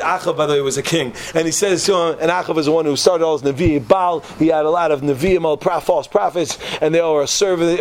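Animated man telling a story to a class. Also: on the high side. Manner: animated, slangy, acts out voices. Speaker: Torah teacher.

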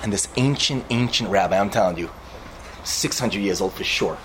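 A man delivers an informal sermon to listeners, telling a parable with lively, animated storytelling. He mixes Hebrew and Yiddish words into casual speech. A faint hiss sits under the recording. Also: fairly low pitch, normal speed, poor audio. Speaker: yeshiva speaker.

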